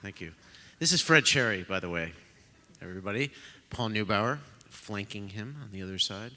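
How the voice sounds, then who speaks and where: Male host, low and bright-toned, self-deprecating, casual, in a concert hall with long reverb. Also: expressive. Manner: self-deprecating, joking, halting with fillers. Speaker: host of a pre-concert talk. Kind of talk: casual live talk to an audience.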